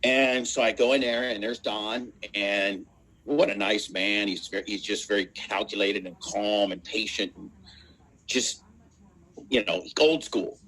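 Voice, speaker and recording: Radio man from Indiana, husky voice, blunt storyteller. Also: lowish voice, unhurried, a bit bright, low-quality recording. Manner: plain, blunt, swearing. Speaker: radio host. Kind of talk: casual storytelling.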